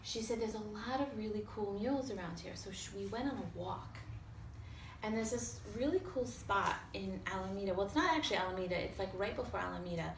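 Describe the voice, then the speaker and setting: A woman telling a lively personal story to a small audience, acting out other people's voices and swearing casually. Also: mid-range voice, a little fast, gravelly. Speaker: storyteller on a talk show. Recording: roomy sound from a distance with faint noise.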